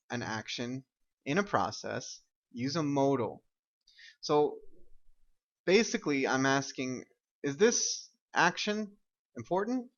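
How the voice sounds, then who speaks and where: A man's voice: medium pitch, a bit bright, lo-fi sound. A man teaching an English grammar lesson, explaining step by step and often checking with "right?" and "okay?".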